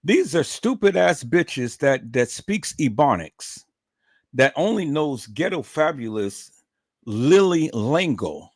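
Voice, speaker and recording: A man's voice: fairly high pitch, big pitch swings, takes it slowly. A man hosting a livestream, talking emphatically and repeating himself as he calls out to his viewers, with plenty of profanity. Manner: emphatic, repetitive, profane, keeps calling out to viewers. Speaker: livestream host. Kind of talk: livestream commentary.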